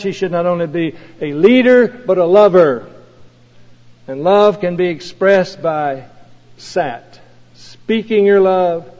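A man's voice: high voice, darkish tone. Earnest preaching man in a reverberant hall. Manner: earnest, measured preaching with slow emphatic phrases. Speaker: pastor. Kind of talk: sermon. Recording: dull lo-fi recording with long hall reverb.

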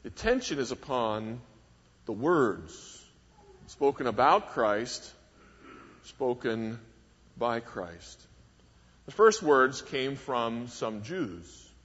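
A man preaching a sermon, measured and emphatic, leaning hard on key words with wide rises and drops in pitch and volume. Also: very animated, a bit bright, breathy edge. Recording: dull lo-fi recording with long hall reverb.

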